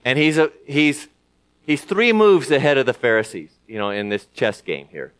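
A man's voice: medium pitch, lively intonation, moderate pace, fairly bright tone, smooth. Man preaching a conversational sermon. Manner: conversational preaching with many fillers and restarts. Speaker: pastor.

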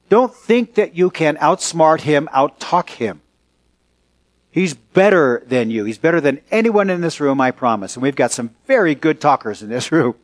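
A man preaching a Sunday sermon as a pastor, earnest and emphatic, slowing and speeding up for effect. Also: on the high side. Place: church sanctuary.

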